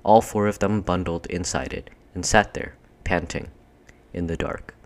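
A man reading a children's storybook aloud in a measured, expressive narration. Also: sits low, gravelly. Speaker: audiobook reader.

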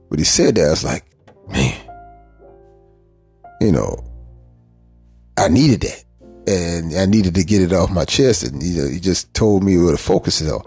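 A man's voice: low-pitched, darkish tone, husky. A male podcast host telling a personal story in a candid, rambling, emphatic way, often restarting his sentences. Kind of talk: personal reflective monologue.

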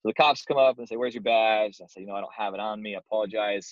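A man's voice: lowish voice, very fast, dry recording. A young man casually telling a self-deprecating story as a guest, easygoing and plain-spoken. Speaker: guest, door-to-door sales manager. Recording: dull, dry lo-fi sound.

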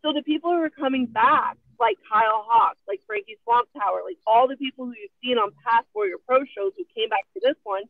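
A woman's voice: on the high side, brisk, few pauses, no room sound. A woman talking over the phone on a podcast, explaining things at length. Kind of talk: casual podcast chat. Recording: tinny phone line.

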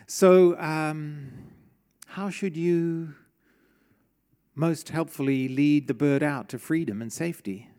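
A middle-aged man preaches a sermon in a church. His voice sits somewhat high for a man. He talks in a conversational way and keeps putting questions to the congregation. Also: takes it slowly, mellow. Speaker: pastor.

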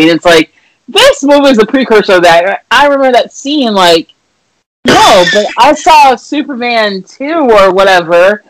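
A woman talking casually about a movie, swearing freely and acting out scenes in loud outbursts. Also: on the high side, normal speed, dry recording, low-quality recording. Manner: animated, swears freely, acts out scenes loudly.

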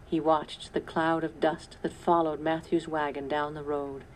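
A woman reading a storybook aloud in calm, measured narration. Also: low voice, slight background noise, low-quality recording. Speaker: storybook reader. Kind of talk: scripted narration.

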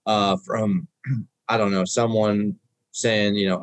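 A man's voice: fairly low pitch, steady tone, slow, no room sound, poor audio. A man interviewing, asking rambling questions full of fillers. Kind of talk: casual interview.

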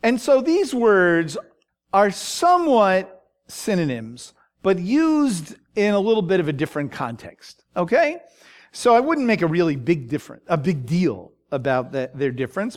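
A man teaching a Bible study, talking in a halting way with many fillers and frequent "okay?" check-ins. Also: a little high, big pitch swings.

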